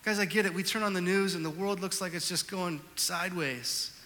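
A male pastor preaching a sermon, telling a personal story with animated swings between loud outbursts and hushed reflection. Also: high-pitched, a little fast, in a large hall.

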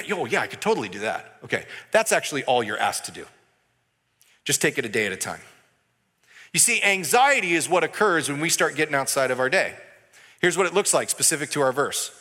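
Bright-voiced preacher in an echoey hall. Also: male voice, a little high. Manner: conversational preaching, acts out dialogue. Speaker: pastor. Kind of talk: sermon. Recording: echoey hall with long reverb.

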